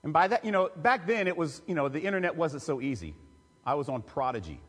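A man, a pastor telling a personal story in a sermon with emotional, confessional warmth. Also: on the high side, very animated, fast talker. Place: church sanctuary. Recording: long reverb of a church hall.

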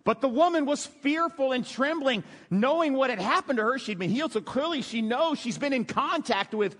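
A male pastor preaches with animated, storytelling energy, swinging between lively emphasis and hushed, emotional moments. His voice sits fairly high and moves a lot. Long reverb from a large hall trails every phrase. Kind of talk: sermon.

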